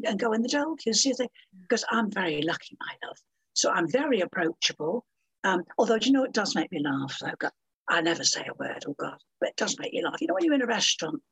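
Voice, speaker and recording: Woman, 70s, interview guest, blunt and bawdy, husky voice, very animated pitch. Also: no room sound, low-quality recording. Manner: blunt, bawdy and theatrical, acting out quoted voices. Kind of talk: casual interview chat.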